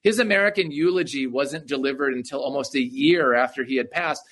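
A man's voice: mid-range voice, brisk, a bit bright. A man being interviewed as an author on a podcast, explaining eagerly and often tagging "right?" onto his points. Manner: enthusiastic, explanatory, frequent "right?" asides. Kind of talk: conversational interview.

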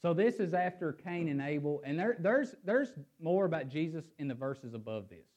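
A male preacher with a slightly high voice delivers a sermon and reads scripture aloud. His emphasis rises and falls, and he sometimes repeats words while he gathers his thoughts. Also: normal speed, muffled recording. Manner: animated, rising and falling emphasis.

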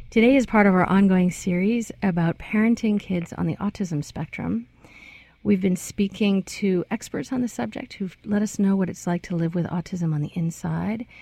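Mellow, low-voiced woman radio host. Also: dry recording. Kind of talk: radio interview.

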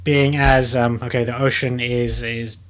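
A man on a casual podcast who stumbles and repeats words as he builds out playful what-if scenarios. His voice sits at an ordinary middle pitch. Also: little pitch movement, a little slow, a bit bright.

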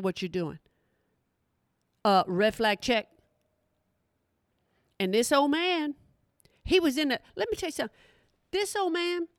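A woman on her own podcast, chatting to listeners in a lively, folksy way. Her voice sits a bit high and sounds close and dry. She talks loosely, with plenty of slang. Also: no room sound. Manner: chatty, animated, folksy with colloquial southern-style slang. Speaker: podcast host. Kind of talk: casual podcast monologue.

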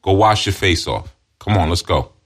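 A man voicing a stern father giving brisk, firm commands to a crying boy. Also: deep voice, lively intonation, a bit bright, voice pushed up.

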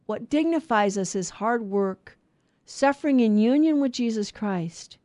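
A woman with a fairly high voice gives devotional teaching on a radio show. Her delivery is earnest and measured, and she runs through lists in a steady rhythm. The studio sound is close and dry. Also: dry recording. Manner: earnest, lists virtues and sins in steady cadence. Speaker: radio Bible show co-host.

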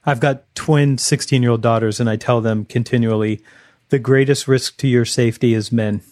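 A man's voice: mid-range voice, fairly even intonation, normal speed, a little mellow. A man in his forties hosting a podcast, upbeat and conversational, doing interviews and ad reads. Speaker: podcast host. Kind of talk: interview and ad read.

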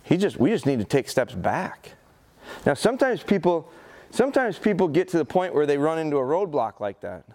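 A man's voice: a little high, sing-song, brisk, darkish tone. A man giving a live dog-training seminar. He coaxes the dog with short repeated commands and praise, then explains plainly to the audience with rhetorical questions. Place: event seminar in front of an audience.

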